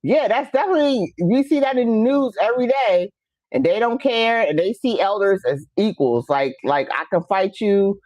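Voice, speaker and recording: A woman's voice: a little high, lively intonation, moderate pace, darkish tone, no room sound. A woman hosting a casual talk show, telling stories with laughter and acting out her relatives while reading viewer comments. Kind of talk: casual chat.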